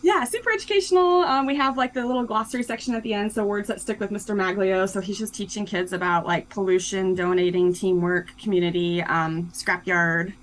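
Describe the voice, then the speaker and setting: A woman's voice: mid-range voice, brisk, hardly any pauses, slight background noise, rough recording. Chatty upbeat young woman guest. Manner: chatty and upbeat, many fillers like "um" and "like". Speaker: guest, children's book co-author. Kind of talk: casual interview chat.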